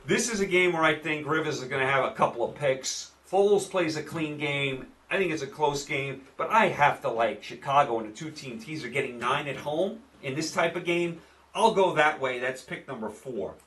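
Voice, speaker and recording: A man with a New York accent hosts his own show of football betting picks, hammering his opinions home by saying them again and again. His voice sits a little high for a man and sounds slightly off the mic. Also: normal speed, a bit bright, far from the mic. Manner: opinionated, repeats himself for emphasis. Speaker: sports picks host. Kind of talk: casual sports betting commentary.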